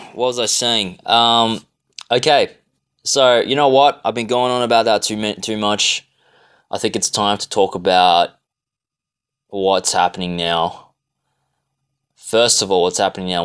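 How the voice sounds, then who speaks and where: A man's voice: low-pitched, fairly bright tone, clean tone. An Australian man delivering a rambling, profane, exasperated rant to camera, full of fillers and restarts. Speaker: vlogger. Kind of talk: ranting monologue.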